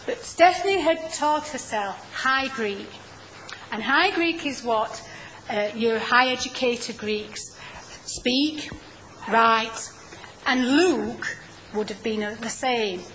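Slow, patient woman teaching. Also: fairly high pitch, fairly bright tone, slight background noise, poor audio. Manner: slow, patient, explaining and prompting readers. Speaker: Bible class teacher. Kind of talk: teaching a Bible study class.

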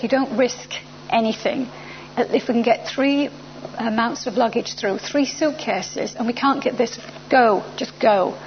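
Woman, personal storytelling, acts out dialogue, gravelly higher voice, dull lo-fi recording. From England. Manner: animated, acts out the other people's lines. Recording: dull lo-fi recording with faint hum.

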